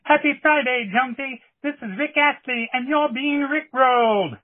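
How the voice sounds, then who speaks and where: A man on a phone call doing a gushing, high-voiced impression of a male pop star. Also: moderate pace, dry recording. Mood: chipper. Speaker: caller. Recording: tinny phone line.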